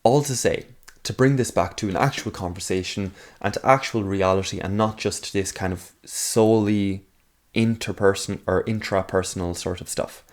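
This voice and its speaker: A man's voice: fairly low pitch, moderate pace. A man talking casually to camera, rambling through his ideas with lots of fillers and asides, sometimes arguing back at himself. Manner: rambling, thinks aloud with many fillers and asides; argues with himself in a mock second voice. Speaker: video essayist. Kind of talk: casual talking-head monologue.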